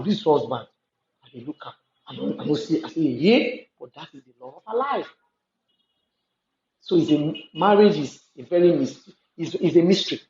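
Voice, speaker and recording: A woman's voice: sits low, warm tone, slight background noise. Nigerian woman, casual monologue, emphatic storyteller, echoey room, slightly muffled sound. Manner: talkative, emphatic storytelling with repetitions.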